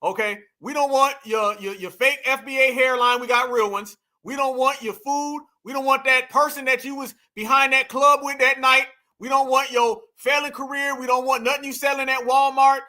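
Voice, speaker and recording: High, bright-voiced man mocking in commentary. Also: fairly even intonation, normal speed, few pauses. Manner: scornful, laughing often, repeating phrases.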